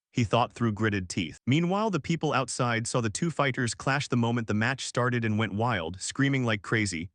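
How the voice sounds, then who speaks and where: A man narrating a story recap in a scripted storytelling style, lifting his pitch for the characters' lines. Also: expressive, normal speed, hardly any pauses, fairly bright tone, dry recording, clean studio sound.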